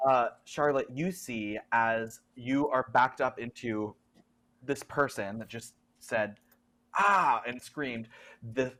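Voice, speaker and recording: A game master narrating a tabletop horror game, halting and restarting often as the scene is described. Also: mid-range voice, fairly even intonation, fairly bright tone. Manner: halting, with many fillers and restarts.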